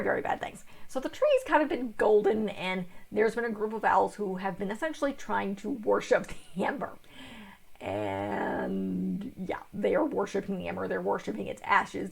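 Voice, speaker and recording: A young woman reviewing a book in a rambling, casual way, sounding tired and yawning, with a gravelly, husky voice. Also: mid-range voice, a little mellow. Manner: rambling, full of fillers and restarts.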